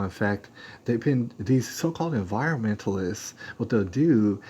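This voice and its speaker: A man's voice: on the low side, expressive, normal speed, a little mellow, breathy edge. Man ranting casually on a live stream. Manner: rambling, emphatic, acts out other people's lines. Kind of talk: casual storytelling rant.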